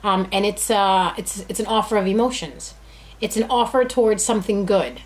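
A woman's voice: mid-range voice, moderate pace. A woman giving a casual, chatty tarot reading who talks to her cards and addresses her viewers directly. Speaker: tarot reader.

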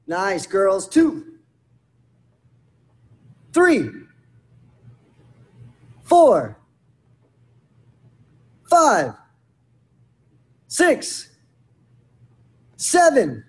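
A man who is a martial arts instructor leads an online taekwondo class, calling out commands, counting drills and giving sharp shouted yells. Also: high-pitched, recorded from a distance. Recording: roomy sound from away from the mic.

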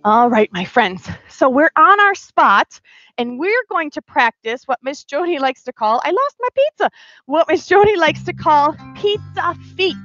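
Bubbly high-voiced woman teaching kids ballet. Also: measured pace, dry recording, muffled recording, faint music behind. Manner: sing-song, animated, talking to small children. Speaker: children's dance teacher. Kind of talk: pre-recorded kids' ballet class.

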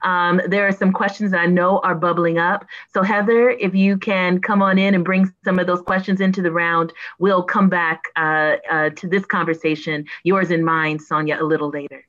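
A woman with a somewhat low voice moderates a live online conversation in a measured way. Her audio sounds dull and lo-fi, as if it came through a video call. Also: fairly even intonation, a bit bright. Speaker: interview host.

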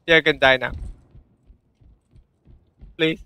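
A man giving live gameplay commentary, swinging between excited shouts and giggling, muttered asides. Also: fairly high pitch, drawn-out words, clean tone, no room sound. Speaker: gamer.

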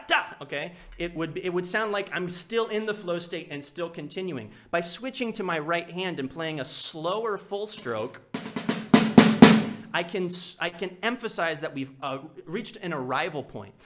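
A man teaching a percussion etude in a live lesson, counting aloud and singing rhythms with syllables. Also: a little high. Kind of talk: live instructional walkthrough. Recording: loud snare drumming behind the voice.

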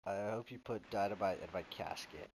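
A man's voice: fairly low pitch, brisk, over a noisy crowd. A young man chatting casually while playing a game, goofy, swearing and repeating phrases in silly voices. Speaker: gamer.

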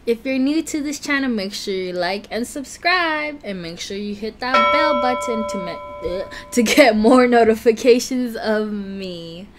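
A woman's voice: fairly high pitch, animated, a little slow, hardly any pauses, over music. A woman vlogger chatting casually to camera before a food challenge, nervous and giggly, often stumbling over her words. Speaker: mukbang vlogger.

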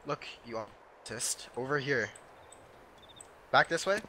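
A man's voice: mid-range voice, unhurried, pushed and bright, slight background noise. A man playing a game with friends, chatting casually in a teasing, bossy, sarcastic way. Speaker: co-player. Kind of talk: casual gaming chat.

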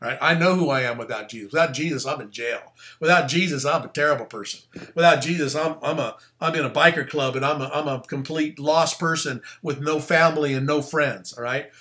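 A man, the pastor, giving a casual, animated sermon full of slang and asides. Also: a little high, fairly quick.

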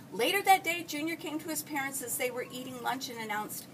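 A woman teacher reading a children's picture book aloud, with a high, lively voice that swoops up and down. She tells the story expressively, recorded from a mic set well away from her, with a faint hiss behind. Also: a little fast, hardly any pauses, far from the mic, low-quality recording.

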